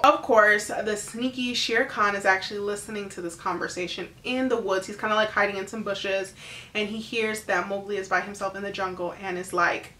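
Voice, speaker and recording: Woman, movie recap, casual chat, bright voice, roomy echo. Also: medium pitch, slight background noise. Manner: animated, acts out characters in quick impressions; chatty with many fillers.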